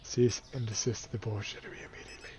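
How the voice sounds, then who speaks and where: A man's voice: fairly low pitch, little pitch movement, quick pace, crowd noise. A man giving playful, casual commentary over a game, counting and thinking aloud to himself while he keeps yawning. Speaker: let's play gamer.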